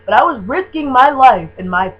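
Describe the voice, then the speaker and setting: A young woman from Michigan gushing about a band she loves in a casual video, with lots of "um" and "like" and excited rambling. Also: high-pitched, moderate pace, husky, faint music behind. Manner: gushing, excitable, filler-heavy fan talk. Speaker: vlogger. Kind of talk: casual fan tag video. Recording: dull lo-fi webcam audio with faint hum.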